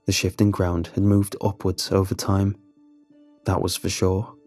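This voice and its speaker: A man narrating a first-person horror story in a measured, steady storytelling manner. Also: low-pitched, soft background music.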